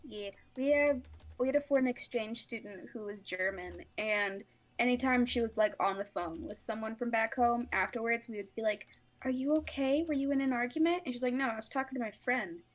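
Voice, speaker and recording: A woman's voice: a little high, brisk. A woman playing a tabletop game, chatting casually and telling a story with lots of "like". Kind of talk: casual chat.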